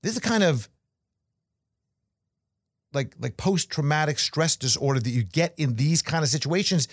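A man with a slightly higher voice gives a casual market commentary, talking in a loose, conversational way with fillers and the odd story. The sound is dry and close, with no room around it. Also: animated, moderate pace, no room sound. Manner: conversational, storytelling asides, frequent fillers and restarts.

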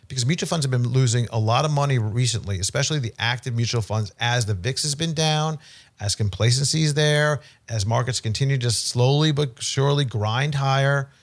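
A man giving casual, opinionated commentary on investing, rambling and blunt. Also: medium pitch. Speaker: financial commentator. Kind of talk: casual talk.

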